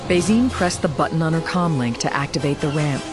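An audiobook narrator reads in a steady, measured way at a middle pitch. The delivery is even and clear, giving the story room to unfold. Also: music in the background. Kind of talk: scripted narration.

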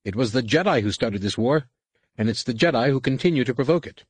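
A man voicing a fearful, defiant male starship captain in an audiobook, talking fast and insistently. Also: mid-range voice, expressive, husky, dry recording, pitched above the performer's own voice.

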